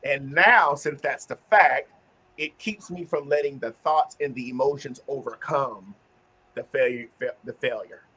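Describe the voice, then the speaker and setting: A man's voice: medium pitch, unhurried, bright, forceful tone, husky. Earnest man hosting a discussion. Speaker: host. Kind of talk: casual group discussion, teaching.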